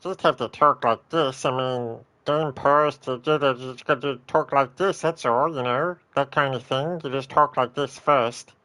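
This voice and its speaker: A man putting on a Gollum-like creature voice, strained in the throat, drawing out slow croaking words. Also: mid-range voice, pushed and bright, pitched above the performer's own voice, close to an everyday voice. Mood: coaxing.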